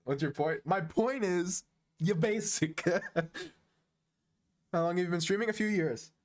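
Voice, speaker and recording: Speaking a little slowly in a high voice, a twenty-one-year-old man from the US chats casually over a chess-analysis stream. He has an American accent, teases viewers in joking banter, and chuckles often.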